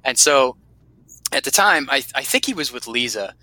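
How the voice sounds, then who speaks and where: A man in his thirties from Vermont casually telling animated, profane stories about his army days. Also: mid-range voice, moderate pace, dry recording, poor audio. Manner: profane, animated storyteller who acts out quotes. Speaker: guest telling war stories. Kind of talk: casual storytelling.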